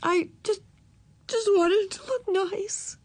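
A woman's voice: extremely high pitch, slow pace, darkish tone, pitched above the performer's own voice. A woman voicing a teenage girl who is crying and upset about her hair. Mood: tearful, distraught.

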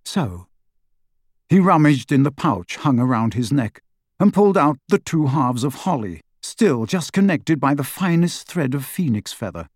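A man narrating an audiobook in a steady, even storytelling manner on a close microphone. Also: fairly high pitch, moderate pace, dry recording. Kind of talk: scripted narration.

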